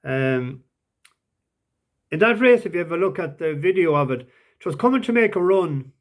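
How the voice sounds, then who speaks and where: A man talks through his betting tips in a casual, unscripted way. His voice sits a little high for a man. He hesitates often, with plenty of ums and restarts. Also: expressive, moderate pace. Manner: hesitant, many fillers and restarts. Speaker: racing tipster.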